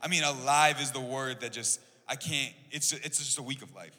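A young man chatting about church outreach, excitable and full of "like" and "you know". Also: mid-range voice, moderate pace, big-room sound. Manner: excitable, heavy use of "like". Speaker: church volunteer. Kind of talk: casual church podcast chat.

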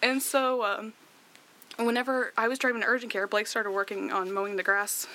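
Bright-voiced young woman telling a story. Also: on the high side, fairly even intonation, moderate pace. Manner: chatty, many fillers and laughs. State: tearful at times. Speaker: guest sharing her story. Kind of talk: emotional personal storytelling.

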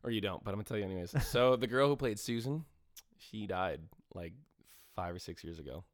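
A man co-hosting a casual movie review podcast, rambling and animated, full of fillers and the odd swear. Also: on the low side, a little fast, no echo, clean studio sound. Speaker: podcast co-host.

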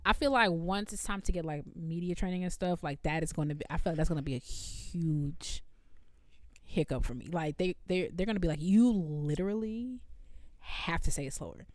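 A young woman co-hosting a podcast, chatting casually, talking fast and laughing often. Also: lowish voice, no room sound. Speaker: podcast co-host. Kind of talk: casual chat.

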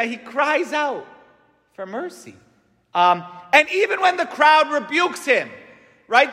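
A man's voice: very high-pitched, very animated, takes it slowly, pushed and bright. A man giving a conversational homily in a church, often checking in with the congregation with "right?". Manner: conversational, frequent "right?" tag questions. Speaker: preacher. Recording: long church reverb.

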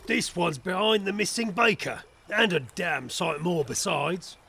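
An actor playing a commanding gentleman detective with a brisk, authoritative manner. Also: high voice, expressive, gravelly, husky, exaggerated voice. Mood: stern.

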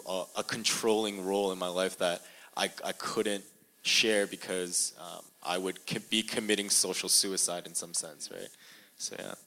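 The audio is poor as a young man, deep-voiced with a pushed, bright quality, tells his personal story in an interview. He's earnest but halting, restarting often and filling gaps, while a live audience sits in the room.

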